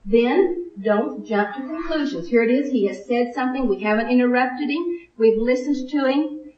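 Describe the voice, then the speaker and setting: Older woman teaching a Bible class, far off. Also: on the high side. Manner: earnest, practical, quotes scripture and rehearses phrases aloud. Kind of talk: recorded Bible class lesson. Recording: muffled, echoey room from afar.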